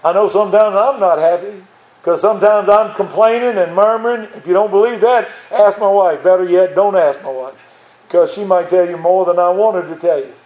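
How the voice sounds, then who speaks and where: Older preacher with a high, echoey voice. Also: male voice, steady tone, a little fast, a little mellow. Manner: folksy, earnest, rising to pleading emphasis. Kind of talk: sermon.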